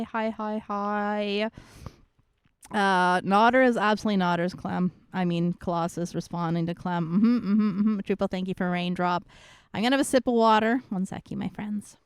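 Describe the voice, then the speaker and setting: A woman's voice: medium pitch, smooth, no room sound, studio quality. A woman streamer in casual chat, greeting viewers one by one in a bubbly, playful way.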